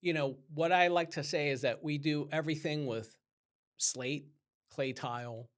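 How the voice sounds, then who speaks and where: A man's voice: on the high side, moderate pace. A man who owns a roofing company, talking casually as a guest in an interview and acting out the customers he quotes. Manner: animated, acts out customer dialogue in quotes.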